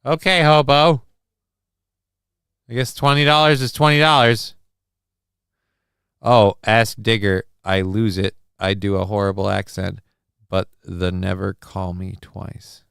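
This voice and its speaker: A man hosting a live stream in a low, smooth and clear voice, reading out viewer messages in a deadpan ramble full of ums and uhs. The sound is close and dry with no room around it. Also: unhurried, long pauses, no room sound. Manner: rambling and deadpan with many fillers. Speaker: live-stream show host.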